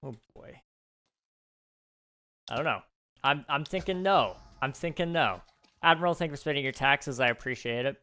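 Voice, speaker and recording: A young man live-streaming a game, chatting casually with viewers, relaxed and thinking aloud with fillers and small laughs. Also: medium pitch, normal speed, long pauses, clear, resonant tone. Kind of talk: casual live-stream chat while gaming.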